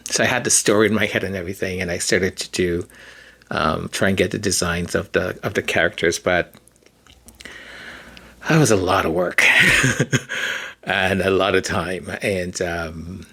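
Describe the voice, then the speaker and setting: A man talks through a casual solo podcast episode in an unhurried, drawn-out way. His voice sits somewhat low, and he rambles, circling back and trailing off as he goes. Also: fairly even intonation, vocal fry, fairly bright tone. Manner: rambling and hesitant. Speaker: podcast host.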